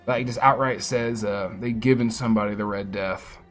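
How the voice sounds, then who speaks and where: A man streaming a fantasy role-playing game, commenting casually and excitably and swearing freely as he reacts to the game. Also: fairly low pitch, moderate pace, faint music behind. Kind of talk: live gameplay commentary.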